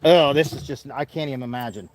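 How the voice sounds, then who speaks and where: A man chatting casually in a farm vlog outdoors, turning to talk softly to his animals, with animal sounds behind him. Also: mid-range voice, fast talker, background noise. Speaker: farm vlogger.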